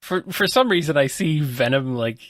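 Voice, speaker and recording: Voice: mid-range voice, animated, normal speed, no room sound, clean studio sound. A podcast co-host who laughs often and reads out listener questions in casual chat.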